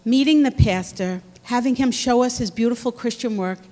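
An earnest woman speaks softly and encouragingly to a congregation. Her voice is fairly high, and a long reverb rings around the large church room behind her words. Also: normal speed. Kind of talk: sermon testimony.

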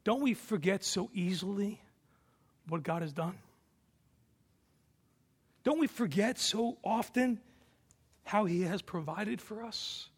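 Gravelly high-voiced male preacher. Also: lively intonation, slow pace, pauses often. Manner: swings between hushed and forceful preaching. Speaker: pastor. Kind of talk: sermon.

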